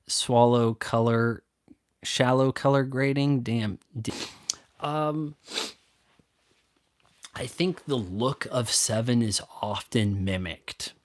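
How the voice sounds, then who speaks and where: In a dry, studio-quality recording, a man with a medium-pitched voice hosts a solo YouTube chat responding to viewer questions. It's casual, rambling, and stop-start, with sarcastic asides.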